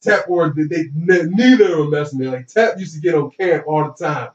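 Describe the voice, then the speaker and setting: A man's voice: fairly high pitch, a little fast. A man, a former college football player, telling a story in casual slang and acting out what people said. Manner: animated, slangy, acts out quotes. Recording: roomy, distant and dull.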